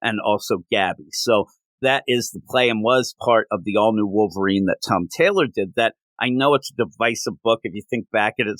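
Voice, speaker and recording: A man's voice: lowish voice, no echo. Chatty man reviewing comics, dry sound. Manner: rambling, animated, with many restarts. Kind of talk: casual review chat.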